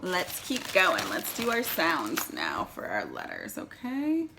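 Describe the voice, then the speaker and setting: A woman's voice: fairly low pitch, wildly swooping pitch, takes it slowly, vocal fry, background noise. A woman teaching young children at circle time, patient and checking in often with the kids. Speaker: preschool teacher.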